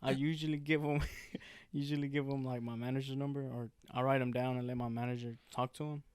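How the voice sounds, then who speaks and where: Smooth-voiced young man telling stories. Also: medium pitch, little pitch movement, fairly quick, a little mellow, no echo. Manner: laughing storyteller, acts out quotes. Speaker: podcast co-host. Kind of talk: casual chat among friends.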